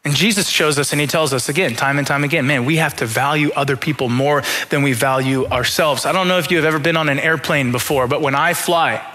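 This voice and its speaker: Young pastor with a high, bright voice. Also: male voice, fast talker, hardly any pauses. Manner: humorous self-deprecating storytelling; acts out his own inner voice in quotes. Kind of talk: sermon.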